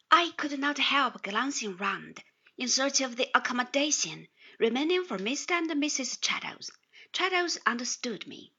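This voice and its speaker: A woman narrating a classic novel as an audiobook, expressive, dropping low for speech tags, on slightly dull audio. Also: measured pace, vocal fry, husky. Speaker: audiobook reader.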